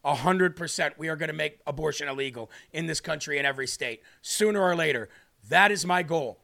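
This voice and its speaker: A man's voice: fairly high pitch, fast, creaky, sharp tone. A man hosting a live show, reading scripture aloud and preaching with emphatic, repeated lines. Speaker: livestream show host.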